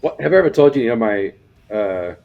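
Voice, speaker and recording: A man's voice: medium pitch, lively intonation, fairly quick, gravelly, lo-fi sound, faint music behind. An American man co-hosting a casual podcast, rambling and repeating words as he starts his sentences. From United States. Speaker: podcast co-host.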